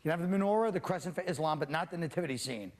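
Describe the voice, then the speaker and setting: A man's voice: a little high, expressive, very fast. A man hosting a comedy panel show, delivering a sardonic, mock-alarmed stand-up monologue before a live studio audience. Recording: studio audience laughter and noise.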